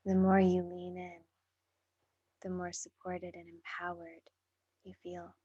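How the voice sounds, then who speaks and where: A woman hosting a spoken program, talking slowly and gently with a husky, breathy voice that often drops to a near-whisper. Her tone is earnest and encouraging as she speaks straight to her listeners. The sound is dry and close, with no room around it. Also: lowish voice, monotone, no room sound, dull audio. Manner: soft, breathy and unhurried, drifting into near-whispers. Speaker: podcast host. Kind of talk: slow reflective monologue.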